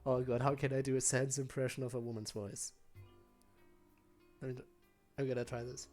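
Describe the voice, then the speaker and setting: A man's voice: mid-range voice, flat delivery, a little fast, long pauses, a little mellow, faint music behind. A man streaming a video game, chatting casually about what he is doing and joking about his own attempts at character voices. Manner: chatty and self-deprecating. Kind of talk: casual gameplay commentary.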